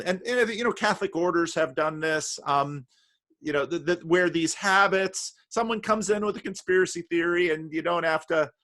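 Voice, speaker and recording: A man from New Jersey talks through a casual video call as host, his voice sitting a little higher than most men's. He speaks in halting bursts, stopping and restarting phrases and leaning on fillers as he thinks aloud. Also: bright, forceful tone. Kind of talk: casual conversation.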